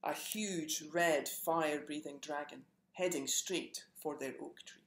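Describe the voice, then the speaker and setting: A storyteller reading a children's picture book aloud, gentle and expressive. The voice has a gravelly, fry-tinged texture at a middle pitch. The recording carries a roomy echo. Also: a little slow.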